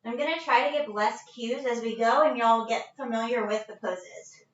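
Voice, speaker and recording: A woman's voice: on the high side, normal speed, fairly bright tone, roomy sound, distant mic. Casual yoga teacher, woman, out of breath, dull lo-fi phone sound in her living room. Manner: casual, chatty, breaks into laughs. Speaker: yoga instructor. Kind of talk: live-streamed yoga class instruction. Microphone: phone set at a distance.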